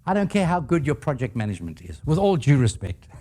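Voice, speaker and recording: An older man giving a talk on leadership, with a lively voice that swoops up and down and sits a little high. He tells anecdotes with humor and keeps asking the audience questions. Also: quick pace. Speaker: guest speaker.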